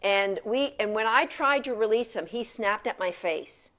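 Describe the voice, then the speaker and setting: A dog trainer lectures informally from her couch at home, chatty and casual, often restarting her sentences. Her medium-pitched voice is animated, unhurried and a bit bright.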